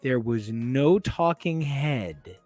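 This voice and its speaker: A man's voice: medium pitch, extremely slow, faint music behind. Rambling chatty male podcast host. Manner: rambling, animated storyteller. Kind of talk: casual chat.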